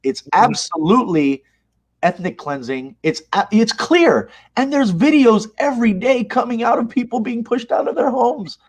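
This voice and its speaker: A man with a very high, slightly rough voice and lively intonation speaks at a moderate pace as an interview guest; he leads a mosque. Passionate and forceful, he recounts events with great animation.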